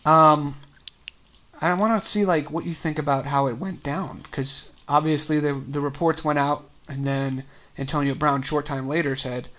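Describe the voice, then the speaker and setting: A man's voice: a little high, steady tone, normal speed, pushed and bright. Joking male podcast co-host. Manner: joking, rambling, sarcastic asides. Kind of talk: casual sports chat.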